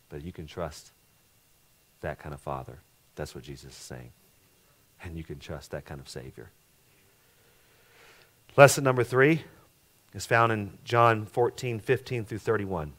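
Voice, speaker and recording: Middle-aged male pastor, lowish voice, sermon delivery, surges loud then drops to a hush, repeats himself. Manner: preaching with swings from loud emphatic to hushed; repeats words and restarts, asks the congregation questions.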